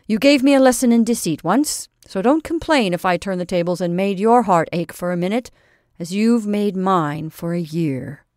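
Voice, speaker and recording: A woman's voice: medium pitch, lively intonation, moderate pace, darkish tone, no echo, clean studio sound, natural voice. A woman voicing a young male soldier who is proud and teasing, speaking boastfully and earnestly to his sweetheart.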